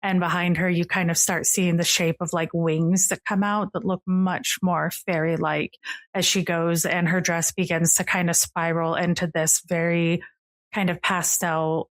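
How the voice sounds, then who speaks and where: A woman's voice: on the low side, little pitch movement, unhurried, dry recording. A woman narrating a tabletop game as game master in a casual, rambling way, with many fillers.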